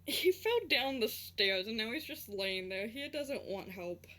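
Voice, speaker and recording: A bright, high-voiced woman in a tabletop game, speaking slowly with lots of lilt. She sounds amused and giggles often. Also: expressive. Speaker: player. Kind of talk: tabletop role-play.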